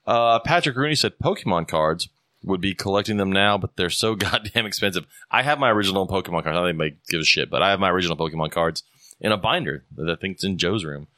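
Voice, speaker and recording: A low-pitched man talks quickly in a bright, crisp tone, recorded close and dry. He hosts a casual podcast and tells loose stories full of swearing. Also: animated, dry recording. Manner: loose, profane storytelling. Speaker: podcast host. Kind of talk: casual chat.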